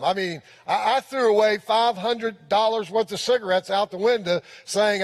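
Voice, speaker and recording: A man with a notably high voice preaches earnestly from the pulpit, circling back to repeat his key lines. His words ring out with a long reverb through a large church sanctuary. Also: moderate pace, hardly any pauses. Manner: earnest preaching with frequent repetition of key phrases. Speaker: pastor. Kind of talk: sermon.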